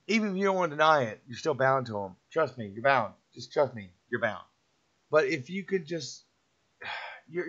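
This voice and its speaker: A man's voice: fairly high pitch, fairly bright tone, breathy edge. A middle-aged man giving a rambling, emphatic motivational talk, repeating himself and preaching to the listener. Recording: dull lo-fi sound.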